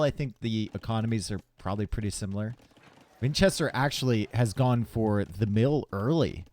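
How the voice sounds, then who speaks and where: A man casting a live strategy game tournament, chatty and relaxed, chatting with viewers between plays from a home stream setup. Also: medium pitch, dry recording. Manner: casual, chatty, talks to chat between plays. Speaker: tournament caster. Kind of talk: live esports commentary.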